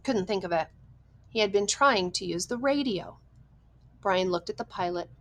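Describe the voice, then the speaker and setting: A woman's voice: medium pitch, expressive, moderate pace, rough recording. Woman narrating a tense audiobook. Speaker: audiobook reader. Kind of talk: scripted narration.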